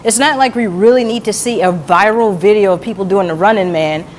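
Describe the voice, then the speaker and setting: A speaker giving deadpan comedy commentary as a media analyst, with dry, wry asides. The voice sits at a middle pitch, with a faint hiss behind it. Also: a little fast.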